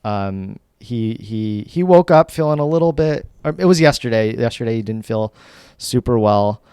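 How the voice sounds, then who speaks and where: A man's voice: mid-range voice, moderate pace, clean tone, no echo, clean studio sound. Tired, swearing man co-hosting a podcast. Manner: animated, swearing, rambling storyteller. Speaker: podcast co-host. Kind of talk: casual chat. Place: home studio.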